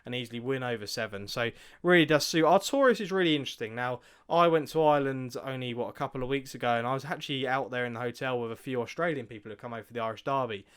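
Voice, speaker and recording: A man talks through racing picks in a casual, chatty way. His voice is smooth and clear, pitched mid-range for a man, and he often pauses with ums and restarts his sentences. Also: fairly bright tone. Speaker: co-host of a racing tips show. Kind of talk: casual chat.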